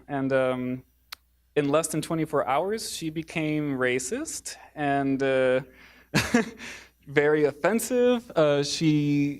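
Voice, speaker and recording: Man, public talk, slightly raised pitch, hesitant, lots of um and uh. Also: darkish tone. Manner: hesitant, many fillers and restarts. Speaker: speaker. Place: theater.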